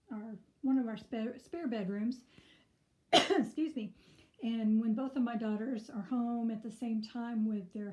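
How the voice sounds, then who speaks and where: Slightly hoarse woman giving a relaxed tour. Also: fairly high pitch, lo-fi sound. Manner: relaxed and chatty, with frequent ums. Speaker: quilter giving a sewing room tour. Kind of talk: casual room tour.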